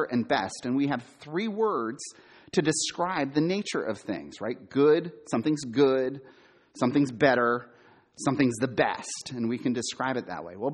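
A middle-aged man preaching a sermon, quizzing his listeners and repeating key words for emphasis, sometimes loud and sometimes hushed. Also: mid-range voice, husky. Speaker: preacher, former campus minister.

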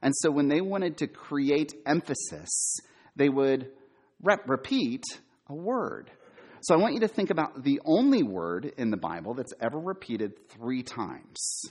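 A middle-aged man preaching a sermon, quizzing his listeners and repeating key words for emphasis, sometimes loud and sometimes hushed. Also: mid-range voice, expressive, unhurried, husky. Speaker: preacher, former campus minister.

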